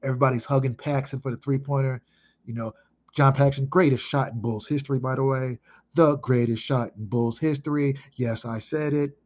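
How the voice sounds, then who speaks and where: A man in his thirties from Chicago, reminiscing casually in an emphatic, excitable way with heavy swearing. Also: medium pitch, brisk, highs cut off. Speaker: vlogger.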